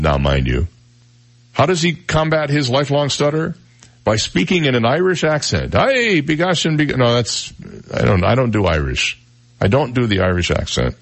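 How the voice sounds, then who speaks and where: An older man hosting a radio talk show, reading odd news stories and adding wry, joking asides. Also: fairly low pitch. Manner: wry asides, reads stories then jokes about them. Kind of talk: casual news-of-the-day monologue.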